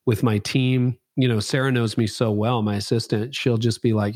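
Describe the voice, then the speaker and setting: A man's voice: medium pitch, fairly even intonation, moderate pace, a little mellow, no room sound, clean studio sound. A man in his fifties, a pastor being interviewed, speaking candidly and reflectively with a self-deprecating streak. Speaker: pastor and guest.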